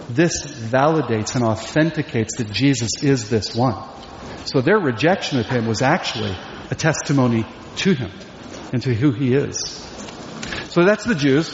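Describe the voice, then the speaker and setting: A man's voice: medium pitch, a little hiss or hum. Emphatic preacher man in an echoey hall. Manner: emphatic, asks rhetorical questions. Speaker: pastor. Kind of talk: sermon. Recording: echoey hall, dull lo-fi sound.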